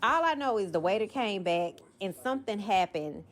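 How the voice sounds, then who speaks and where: A woman's voice: mid-range voice, lively intonation, moderate pace. A young woman, a podcast co-host telling a long story in a rambling way, full of ums and you-knows. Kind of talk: casual storytelling.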